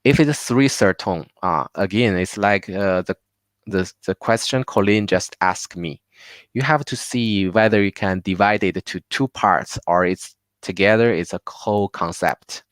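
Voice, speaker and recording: A man with a Chinese accent teaching a live online lesson, patiently repeating words slowly for his learners. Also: deep voice, no echo, studio quality. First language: Mandarin Chinese.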